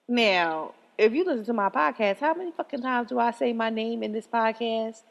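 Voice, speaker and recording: A woman hosting her own podcast, ranting in a profane, animated way and often breaking into laughter. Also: on the high side, moderate pace, vocal fry, few pauses, big-room sound, dull audio. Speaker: podcast host. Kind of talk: solo podcast rant.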